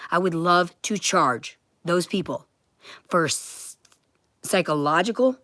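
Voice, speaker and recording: A woman's voice: lowish voice, slow, fairly bright tone, no room sound, clean studio sound. A woman ranting to her livestream viewers from home, swearing constantly. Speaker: vlogger.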